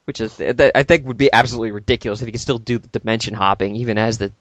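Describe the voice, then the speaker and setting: A man's voice: lowish voice, racing, no room sound. Joking man recapping, dry close sound. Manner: animated, acts out quotes jokingly. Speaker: podcast co-host. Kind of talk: casual fan podcast chat.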